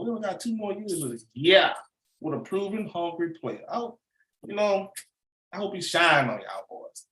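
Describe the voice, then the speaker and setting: A middle-aged man giving casual, rambling sports commentary as a channel host, animated and full of slang. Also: on the high side, roomy sound, rough recording.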